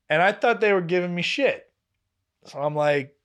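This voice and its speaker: A man's voice: fairly high pitch, fast talker, clean tone. A young man, a podcast co-host, telling a story in casual chat, acting out what others said and swearing freely. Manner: animated, acts out quoted voices, laughs and swears freely.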